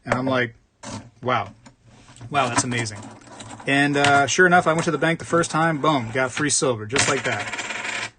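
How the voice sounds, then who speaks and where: A man hosts a casual coin roll hunting livestream from the United States, speaking at a moderate pace in a mid-range voice with background noise. He rambles while reading comments, repeats himself, and laughs often.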